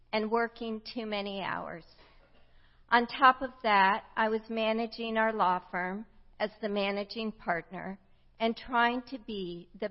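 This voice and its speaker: Slow, reflective woman preaching in a hall. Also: mid-range voice. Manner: reflective storytelling, slow and measured. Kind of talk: sermon. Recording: dull sound with long hall reverb.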